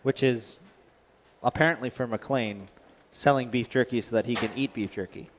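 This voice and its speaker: A man's voice: medium pitch, moderate pace, a little hiss or hum. A man co-announcing at a race track, making wry, dry jokes in casual commentary over a headset mic.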